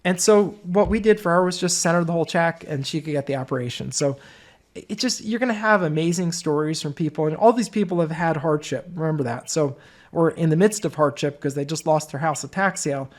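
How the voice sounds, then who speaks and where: A man's voice: on the high side, brisk. A man giving an informal course presentation, telling stories in a conversational way. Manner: conversational storytelling. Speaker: business course instructor.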